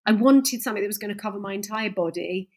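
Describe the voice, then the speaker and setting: A woman's voice: medium pitch, fast, darkish tone. A woman chatting as a podcast guest, self-deprecating and laughing as she tells her stories. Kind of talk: casual chat.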